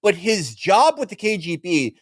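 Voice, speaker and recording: A man on a comedy podcast, talking in an animated, crude, laughing way. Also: high-pitched, measured pace, a little hiss or hum. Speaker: podcast co-host. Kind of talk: casual comedic chat.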